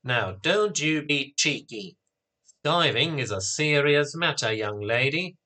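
A stern father lecturing his daughter, voiced by a man reading a story. He speaks slowly and deliberately, in a bright voice that rises and falls a lot. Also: a little high, expressive, exaggerated voice. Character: stern angry British father.

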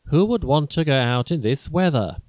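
A man voicing a young woman traveller who is easily annoyed, in a clear, slightly raised reading voice. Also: on the high side, animated, moderate pace, a little mellow, dry recording, studio quality, natural voice. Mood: dismayed.

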